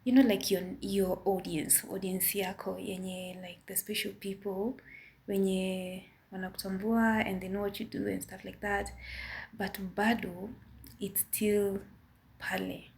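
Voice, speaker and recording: A woman with a Kenyan accent giving a careful opinion in a casual vlog, measured and a bit apologetic. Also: mid-range voice, little pitch movement, creaky, darkish tone, a little hiss or hum. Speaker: vlogger.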